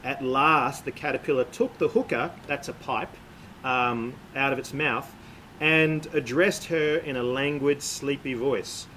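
A man preaching a sermon in a measured, explanatory way, with frequent "uh" and "um" fillers. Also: mid-range voice, pushed and bright, a little hiss or hum, low-quality recording.

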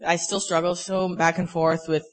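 Young man, slightly higher voice, earnest and halting, sharing a faith testimony. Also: level tone. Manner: earnest, halting, full of "you know" fillers. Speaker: speaker sharing a personal testimony.

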